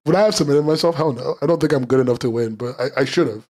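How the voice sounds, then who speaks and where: A man hosting a casual live-streamed podcast, rambling and swearing freely, and quickly getting worked up as he reacts to chat. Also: medium pitch, a little mellow.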